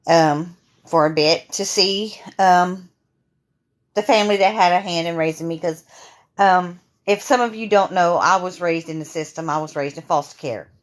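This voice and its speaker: A woman in her fifties with a sore throat, telling her own story to camera in a halting way, full of fillers and restarts. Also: fairly low pitch. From Louisiana. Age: 50s. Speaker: vlogger.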